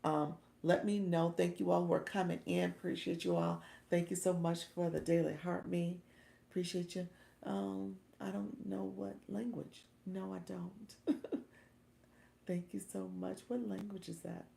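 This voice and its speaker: Low gravelly-voiced woman chatting on a livestream, laughs a lot, says y'all, echoey room. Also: a little slow, dark tone, a little hiss or hum. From Orlando, Florida. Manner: chatty, laughs often, calls viewers y'all. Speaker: livestream host and coach. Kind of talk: casual livestream chat.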